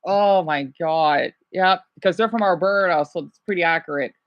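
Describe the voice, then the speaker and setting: A man's voice: high-pitched, normal speed. Chatty man in his thirties, rambling. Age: 30s. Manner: rambling, chatty, self-correcting. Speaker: vlogger. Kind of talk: casual chat commentary. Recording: dull, lo-fi recording.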